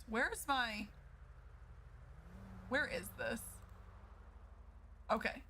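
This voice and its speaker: A woman streamer chatting casually out of character to her viewers, animated, swearing freely and laughing through her frustration. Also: medium pitch, takes it slowly, long pauses, a little hiss or hum, low-quality recording. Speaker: streamer playing a lawyer in roleplay.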